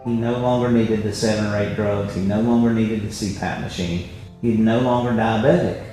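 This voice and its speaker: A man's voice: fairly low pitch, fairly even intonation, moderate pace, dark tone. A man presenting a health webinar, telling stories emphatically and tagging his points with "right?". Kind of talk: motivational health talk. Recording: very echoey room, faint music.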